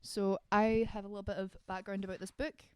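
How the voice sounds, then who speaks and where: A young woman with a Scottish accent chats on a book podcast with a smooth, clear voice. She talks bubbly and gushing and laughs easily, recorded close and dry. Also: mid-range voice, flat delivery, a little fast, a little mellow, no echo. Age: young adult. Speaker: podcast co-host. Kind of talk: casual chat.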